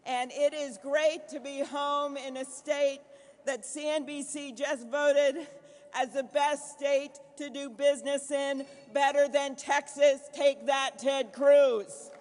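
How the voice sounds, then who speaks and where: A middle-aged woman from Minnesota speaks at a podium microphone, landing punchy applause lines and then rattling off a quick anecdote. Her voice carries through a large banquet hall with a long, ringing reverb. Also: high voice, steady tone. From Minnesota, USA. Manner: rousing, punchy applause lines with a repeated refrain, shifting to brisk anecdote. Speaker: senator giving a keynote. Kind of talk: political fundraiser dinner speech.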